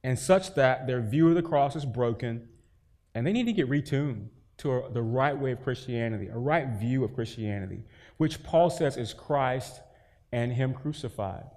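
A man's voice: mid-range voice, normal speed, a little mellow, in a large hall. Male pastor, mid-range voice, conversational sermon with emphatic swells. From North Carolina, US. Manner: conversational preaching with rising emphasis and folksy stories.

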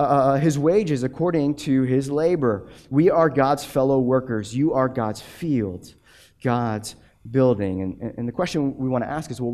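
A man in his thirties preaching a sermon as a pastor, animated, often repeating words and acting out quotes. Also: mid-range voice.

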